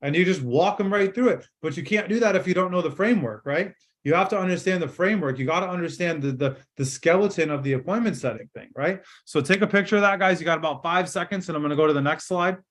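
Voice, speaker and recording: A middle-aged man leads a sales training over a video call, his voice sitting a little high for a man. He talks fast and direct, pushing energy and acting out sample phone lines, and his sound comes through a computer mic in a hotel room. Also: a bit bright. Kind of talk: live online training session.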